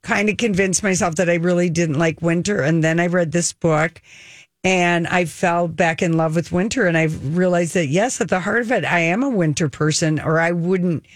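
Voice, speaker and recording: A woman co-hosting a radio talk show, chatting and telling stories in an animated way. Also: on the low side, moderate pace, no echo, clean studio sound. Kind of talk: casual chat. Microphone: studio mic.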